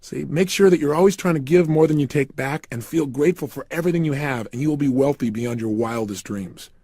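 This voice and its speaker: A man's voice: medium pitch, brisk, mellow, husky, no echo, studio quality. A man giving a guided motivational talk, emphatically firing repeated questions at the listener. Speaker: motivational speaker.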